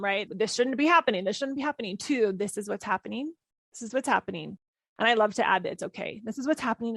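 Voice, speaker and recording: A woman in her thirties hosting a parenting podcast, talking calmly and reflectively, gently repeating key phrases. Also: medium pitch, vocal fry, no echo. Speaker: parenting coach and podcast host. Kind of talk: reflective solo podcast talk.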